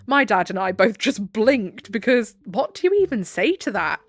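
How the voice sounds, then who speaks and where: A woman's voice: a little high, expressive, normal speed, fairly bright tone, no echo. A woman narrating online stories aloud, breaking in with sarcastic asides and frequent laughter. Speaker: story narrator. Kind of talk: reading online stories with commentary.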